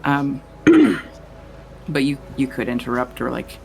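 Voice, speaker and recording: A man's voice: mid-range voice, huge pitch swings, slow, gravelly, a little hiss or hum, rough recording. A man running a tabletop game as game master, narrating in a rambling, casual way with many fillers.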